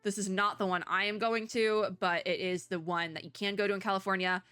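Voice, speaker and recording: A young woman VTuber giving casual, rambling reaction commentary, with chatty asides and bursts of high excitement. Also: a little fast, clear, resonant tone, no room sound, soft background music.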